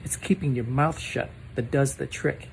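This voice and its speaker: A voice reading out a joke in an even, measured way. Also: mid-range voice, vocal fry, a little hiss or hum, rough recording. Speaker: joke narrator. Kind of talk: scripted narration.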